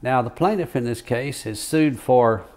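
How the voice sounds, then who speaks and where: A man's voice: mid-range voice, measured pace, darkish tone, lightly acted. An older man voicing an irascible old male trial judge who bellows scolding outbursts at the courtroom. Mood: mocking.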